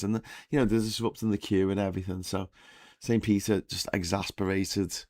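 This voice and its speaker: A man's voice: low-pitched, little pitch movement, a little fast, darkish tone, no room sound. A hungover man hosting a casual morning live stream, telling jokes and rambling through the news with frequent restarts.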